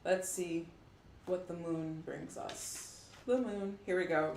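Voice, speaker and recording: A woman runs a casual tarot reading for her viewers in an upbeat, affirming way, reading card meanings aloud. Her voice sits a little low and carries a roomy echo, with faint background noise underneath. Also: fairly even intonation, takes it slowly, gravelly, darkish tone. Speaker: tarot reader.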